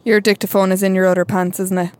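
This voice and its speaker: A woman's voice: medium pitch, little pitch movement, quick pace, darkish tone, close to an everyday voice. A woman playing a cheeky young Irish sidekick detective who teases the others. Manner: cheeky, teasing.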